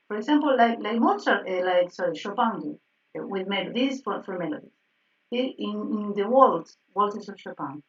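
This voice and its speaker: A woman teaching a piano harmony class over a video call. She speaks animatedly and keeps checking in with "yes?" while she corrects herself. Her voice sounds distant and dull, as if heard through a laptop. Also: mid-range voice. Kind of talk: online class correcting exercises.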